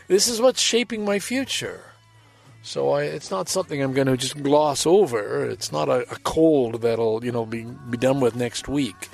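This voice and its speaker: A man in his seventies, a podcast host, talking casually and rambling, reading a report aloud and commenting with self-deprecating chuckles. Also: medium pitch. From Canada. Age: 70s. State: walks with a walker. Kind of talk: casual solo monologue.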